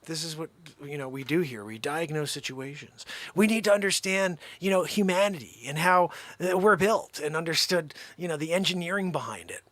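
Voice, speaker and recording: A man hosting a livestream, riffing an improvised comedy rant to his chat, animated and jumping between put-on voices and whispers. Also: fairly high pitch, normal speed, few pauses, dry recording. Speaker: livestream host.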